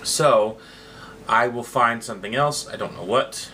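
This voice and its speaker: A man's voice: mid-range voice, a little slow, bright, forceful tone, a little hiss or hum. A man talking casually to his viewers in a vlog, chatty and slightly hesitant. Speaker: vlogger.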